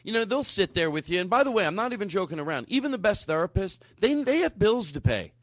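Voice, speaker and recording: A man's voice: sits high, sing-song, fast, no echo, studio quality. A man hosting a casual podcast chat, rambling and earnest, often restarting his sentences. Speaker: podcast host.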